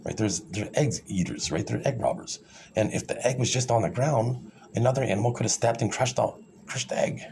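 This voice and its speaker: A man's voice: mid-range voice, a little fast, creaky, a little mellow, a little hiss or hum. A man in a rambling, sarcastic and condescending monologue, full of fillers and restarts.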